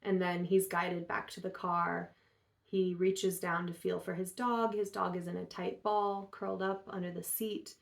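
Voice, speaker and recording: A woman with a lowish voice talks through a story in a relaxed, casual way, peppering it with fillers. Her delivery stays level and even, with little rise and fall. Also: measured pace, vocal fry. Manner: relaxed, chatty, many fillers. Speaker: host.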